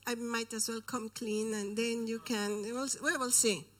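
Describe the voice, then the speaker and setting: A woman's voice: fairly high pitch, steady tone, unhurried. A woman preaching and telling a personal story, often dropping into a whisper for emphasis. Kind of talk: sermon storytelling.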